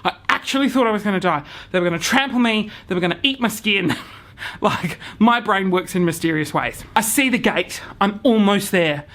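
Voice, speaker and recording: A young man vlogging a comic story to camera, acting out his own panic with hushed whispers, swearing and sudden shouts. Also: high voice, lively intonation, moderate pace, a little hiss or hum.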